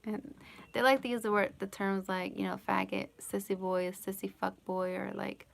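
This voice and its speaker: A woman hosts a casual live Q&A from home, answering chat questions in a gravelly mid-range voice with a level tone and moderate pace. She rambles with plenty of "like" and "you know," giggling often as she talks.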